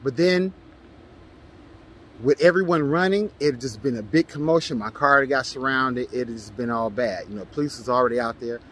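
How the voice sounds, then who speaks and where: A man vlogging, telling a personal story in a casual, animated way and acting out the shouts he traded with others. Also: medium pitch, moderate pace, slight background noise. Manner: animated, acts out his own shouts and quotes.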